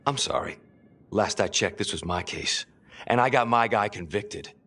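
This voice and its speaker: An actor voicing a crude, mocking police detective in a game who taunts and swears. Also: male voice, fairly low pitch, moderate pace, fairly bright tone. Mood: sneering. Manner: sneering, profane, taunting.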